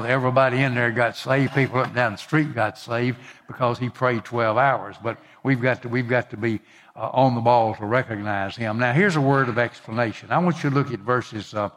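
A man's voice: mid-range voice, a bit bright. A man preaching a sermon, reading scripture and speaking conversationally with fillers. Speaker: pastor.

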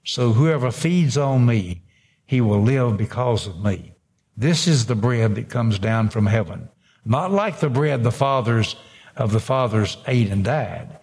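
A man's voice: medium pitch, vocal fry, a little mellow, breathy edge. A man preaching a sermon, reading scripture aloud and breaking in with emphatic asides. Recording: long hall reverb.

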